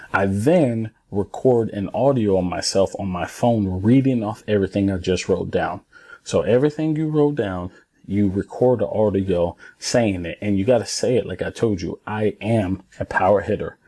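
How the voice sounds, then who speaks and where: A man's voice: on the low side, dark tone. A man in his thirties, a former pro ballplayer, giving casual instructional talk to parents and kids in an earnest, emphatic way, repeating points for stress.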